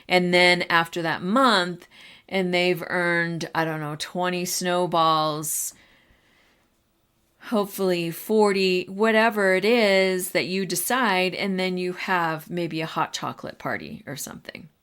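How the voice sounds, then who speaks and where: A woman with a somewhat low voice speaks in a relaxed, conversational way. She hosts a podcast for teachers and addresses her listeners directly as she shares advice. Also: a little slow, clear, resonant tone. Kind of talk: casual advice talk.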